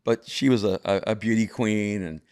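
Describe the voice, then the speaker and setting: A man's voice: lowish voice, normal speed, a little mellow, clear, resonant tone. A man over fifty from El Salvador, a guest telling stories in a reflective way with frequent restarts. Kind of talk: conversational storytelling.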